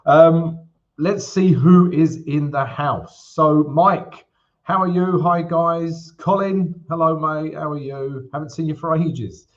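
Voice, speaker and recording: A man's voice: fairly high pitch, fairly even intonation, slow, muffled recording. A man hosting a live trading stream, talking in an upbeat, chatty way as he walks through charts and greets viewers, often checking in with "right?". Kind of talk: casual live-stream chat and chart walkthrough.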